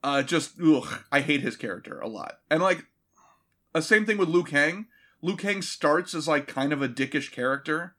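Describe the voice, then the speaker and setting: A man's voice: a little high, animated, moderate pace, fairly bright tone. A man in casual movie-review chat, sarcastic and profane, mockingly acting out characters. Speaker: podcast co-host.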